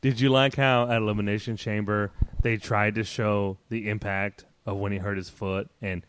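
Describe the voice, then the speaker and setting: A man co-hosting a podcast, arguing his points in animated, casual chat. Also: fairly low pitch, clear, resonant tone. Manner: animated and argumentative, drawn-out casual filler. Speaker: podcast co-host.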